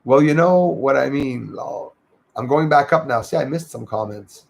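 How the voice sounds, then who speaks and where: A man from Quebec with a Québécois French accent and a gravelly voice, talking loosely to his livestream viewers. He reads out comments, thanks people by name and fills pauses with plenty of ums. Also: mid-range voice. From Quebec, Canada. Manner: chatty, thanks viewers by name, lots of fillers. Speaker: livestream host. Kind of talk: casual livestream chat reading comments.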